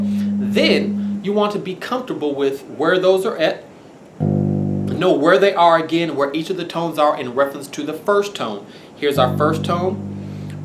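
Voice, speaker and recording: Male bass instructor, lively pitch, unhurried, counting tones, echoey room with bass notes. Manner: patient, counts out scale tones while playing. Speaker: bass guitar teacher. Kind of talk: instructional lesson. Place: room with bass guitar playing. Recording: roomy echo with bass guitar playing.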